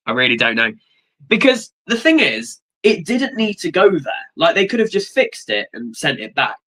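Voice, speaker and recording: Young male streamer, excitable rambler, sharp bright tone. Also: a little high, moderate pace, low-quality recording. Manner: rambling, excitable, swears casually. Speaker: livestream host. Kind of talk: casual watchalong chat.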